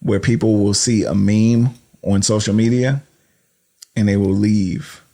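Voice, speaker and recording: A man's voice: on the low side, steady tone, measured pace, dark tone. A man interviewing friends on a podcast, asking questions in an encouraging, admiring way. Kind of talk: conversational interview.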